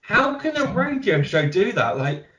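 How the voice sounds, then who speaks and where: A man's voice: sits high, very animated, a little slow, over a noisy crowd. British man reading feedback in a roomy echo. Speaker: podcast co-host. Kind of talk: reading listener feedback, casual chat.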